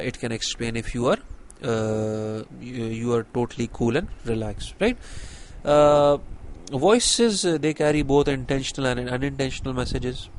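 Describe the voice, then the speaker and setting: Young man, lecturer, mid pitch, filler-heavy explanatory delivery, faint background hiss. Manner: explanatory, with many fillers and rhetorical "right?". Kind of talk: university lecture.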